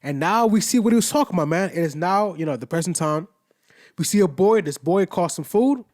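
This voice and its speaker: A young man with a slightly high-set voice talks through an anime episode in a loose, slang-heavy ramble. He swears freely and drops conversational asides as he recaps the plot, casual and unscripted. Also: expressive, brisk, a little mellow. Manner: loose and slangy, heavy profanity, frequent "you know what I'm saying" asides. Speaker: anime reviewer.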